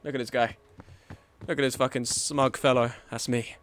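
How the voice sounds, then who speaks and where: A young man streaming a game live, frustrated and swearing, swinging between low muttering and loud outbursts. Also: lively intonation, normal speed, soft background music.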